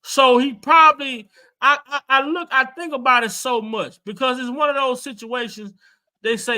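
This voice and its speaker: A woman's voice: sits high, fairly even intonation, moderate pace, pushed and bright. A woman in a casual livestream opinion chat, speaking fervently and repeating words as she testifies.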